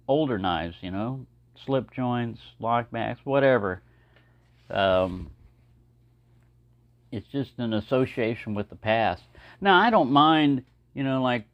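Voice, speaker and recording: A Texan man chats about his knives at an easy, meandering pace, filling pauses with "uh" and "you know." His voice sits at an ordinary mid pitch. The recording is dry and close, with a slightly muffled, dull sound. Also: no echo. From Texas. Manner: rambling, relaxed, many fillers. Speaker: knife collector vlogger. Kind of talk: casual show-and-tell talk.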